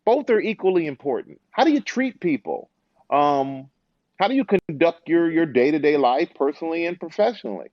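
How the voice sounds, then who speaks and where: A man's voice: a little high, moderate pace, dry recording. A man speaking as an interview guest, telling stories with lots of life in his voice and slipping into other people's voices as he quotes them. The sound is dry and a bit dull, with little room around it. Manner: animated storyteller, acts out quoted voices, laughs. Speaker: interview guest, former football player and TV host. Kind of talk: casual interview chat.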